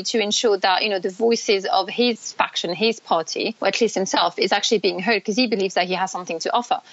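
A woman's voice: medium pitch, fairly bright tone, dry recording, lo-fi sound. A woman political analyst giving interview answers while losing her voice, rambling and hesitant with many fillers.

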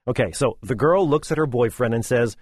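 A man's voice: medium pitch, fairly quick, a little mellow, slightly rough, no room sound, studio quality. A middle-aged man hosting a radio talk show, sardonic and opinionated in his delivery. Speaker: radio host.

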